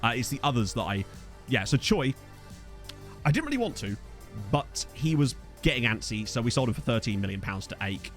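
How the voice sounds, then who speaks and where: A man's voice: mid-range voice, big pitch swings, fairly quick, faint music behind. A tired man chatting casually as a game streamer, rambling and self-deprecating while answering viewers, with lots of fillers. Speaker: gaming streamer. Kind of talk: casual let's-play chat reading viewer comments.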